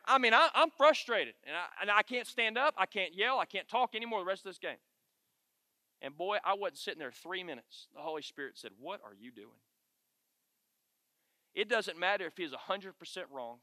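A middle-aged man preaching to a men's group, his voice high and bright with a forceful edge. He tells stories with animated emphasis, driving points home by repeating them, and the sound is close and dry with no room around it. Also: brisk, no room sound. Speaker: men's Bible study leader. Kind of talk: storytelling sermon to a men's group.

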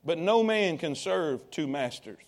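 A man preaching a sermon, calling out to the congregation and swinging between quiet asides and loud appeals. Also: fairly high pitch, expressive, unhurried. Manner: call-and-response preaching to congregation.

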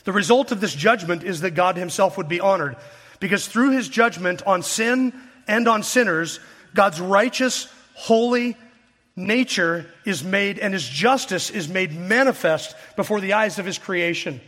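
A man's voice: sits high, lively intonation, a little slow, fairly bright tone, in a large hall. A man preaching an expository sermon, reading scripture aloud and pressing his points with earnest rhetorical questions. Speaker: pastor.

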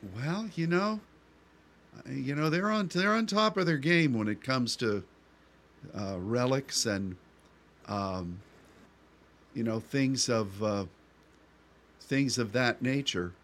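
A man's voice: mid-range voice, expressive, slow pace, pauses often, fairly bright tone. Guy cohosting a radio show, rambly and jokey, lots of restarts. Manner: rambling, joking, many restarts. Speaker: radio co-host. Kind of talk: casual chat.

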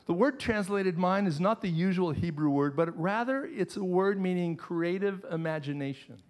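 Middle-aged pastor guy preaching, earnest, says things twice, voice a bit high. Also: lively intonation, moderate pace, a little mellow. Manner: earnest preaching with repeated phrases. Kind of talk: sermon.

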